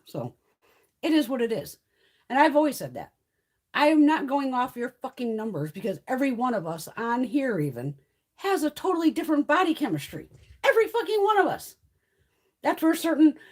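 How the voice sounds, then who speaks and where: A middle-aged woman from the American East Coast talks on a casual livestream. Her voice sits a little high and swings widely in pitch. She is blunt and swears in nearly every line. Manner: blunt, swears constantly, animated storytelling. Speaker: beauty livestream host.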